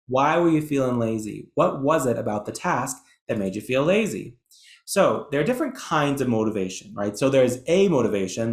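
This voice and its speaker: A man's voice: mid-range voice, roomy sound. A man presenting an educational webinar in a chatty, enthusiastic way, with some self-deprecating asides. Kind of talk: webinar lecture.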